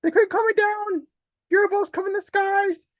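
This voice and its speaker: A man performing comic poetry as a panicky male bystander, with shrill, frantic exclamations over a video call. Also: steady tone, normal speed, fairly bright tone, no echo, dull audio. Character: panicky adult male bystander watching monster chaos. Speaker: open mic poet.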